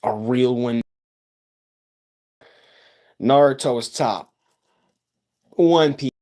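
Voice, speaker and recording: A man's voice: mid-range voice, extremely slow, mellow. A man, chatting casually with livestream viewers, rambling with stammers and sarcastic asides.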